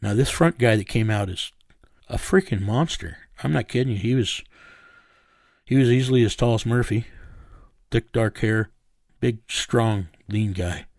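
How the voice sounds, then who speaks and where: A man's voice: lowish voice, measured pace, long pauses, darkish tone, dry recording, clean studio sound. A man in an interview, bluntly recounting a tense story in a matter-of-fact way. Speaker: interview subject recounting events.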